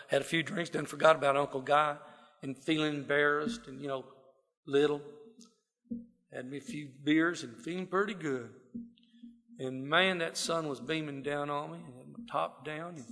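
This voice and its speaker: A middle-aged South Texas man with a Texas drawl and a slightly high, pushed, bright voice shares his recovery story with a live audience. His telling is folksy and self-deprecating, and long hall reverb surrounds the recording.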